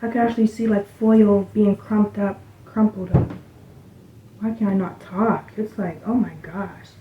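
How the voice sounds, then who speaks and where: A woman giving a casual spiritual card reading, rambling loosely and dropping into soft muttered asides. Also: mid-range voice, fairly even intonation, measured pace, background noise. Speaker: tarot reader. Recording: tinny, phone-like sound in an echoey room.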